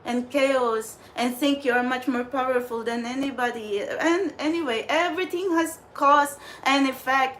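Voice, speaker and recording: A woman on an unscripted vlog, venting her anger in a high voice. She talks slowly and deliberately, scattering "like" and curses through her rant. A quiet hiss sits under her voice. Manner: ranting with profanity and repeated "like". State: angry. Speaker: spiritual channeler vlogger.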